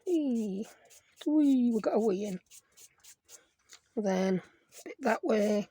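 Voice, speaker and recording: A woman's voice: medium pitch, lively intonation, slow pace, dark tone, husky, no room sound. A woman hosting a casual craft tutorial, chatty and self-deprecating, thinking aloud as she works. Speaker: craft video host.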